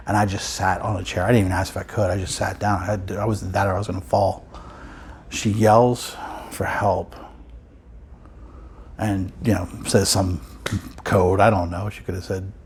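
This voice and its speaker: Guy with a lowish voice rambling through a story at home, wry, faint room hum behind. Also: darkish tone. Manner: rambling, self-interrupting, wry. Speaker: vinyl collector vlogger. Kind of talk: casual storytelling.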